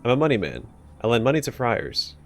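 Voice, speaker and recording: A man voicing an old male thief turned loan shark in a video game, talking in breezy slang that turns to threats. He pitches it a bit higher than his own voice and makes it lively, with a gravelly edge. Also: brisk. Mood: swaggering.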